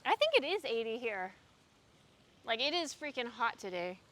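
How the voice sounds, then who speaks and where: A woman's voice: on the high side, very animated, normal speed, a bit bright. A young woman streaming live from a windy park by a pond, chatting casually and reading out messages from her chat as she does yoga, recorded on a phone camera. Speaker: streamer doing yoga outdoors.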